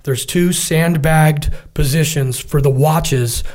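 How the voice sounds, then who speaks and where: With a fairly high-pitched voice and an unhurried pace, a middle-aged man who served in the military recounts a war story conversationally. He brings it to life, playing out his comrades' lines with animation.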